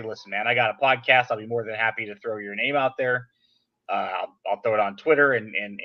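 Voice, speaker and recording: A man hosting a casual podcast chat, telling an animated, venting story in an everyday voice. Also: medium pitch, dull audio. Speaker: podcast host.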